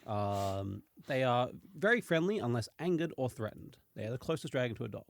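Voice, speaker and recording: A man hosting a casual podcast chat, reading notes with plenty of ums and quick laughs. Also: mid-range voice, expressive, creaky, no echo, clean studio sound. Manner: reads notes with many fillers, laughs easily. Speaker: podcast host presenting dragon lore.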